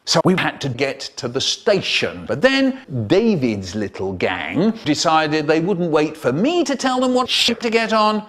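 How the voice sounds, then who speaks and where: A man telling a comic story in an animated way, with sudden high bursts. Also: unhurried. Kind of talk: comic storytelling, spliced clips.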